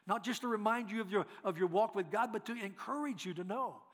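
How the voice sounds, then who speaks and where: High-voiced folksy preacher. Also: male voice, brisk, big-room sound. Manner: folksy, animated, acts out voices in his stories. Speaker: guest preacher. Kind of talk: storytelling sermon.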